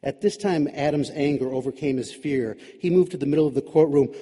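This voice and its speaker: A man's voice: on the high side, brisk, hardly any pauses, dark tone, slightly rough, big-room sound. A man narrating a story in a wry, dramatic, sardonic manner.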